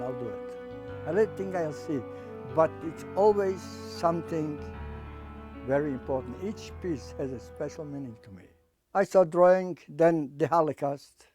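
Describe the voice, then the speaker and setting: An older man giving personal testimony as an interviewee, speaking haltingly and emotionally, often repeating and restarting his words. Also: a little high. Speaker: interviewee, artist.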